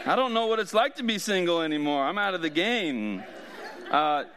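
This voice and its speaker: A man's voice: sits high, animated, moderate pace, crowd noise, noisy background. A man preaching a sermon as pastor, in a casual, joking way with frequent laughs.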